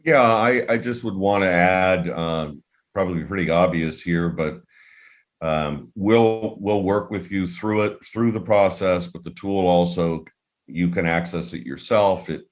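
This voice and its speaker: A man moderating a webinar panel, reading out audience questions in a measured, deliberate way. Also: low voice.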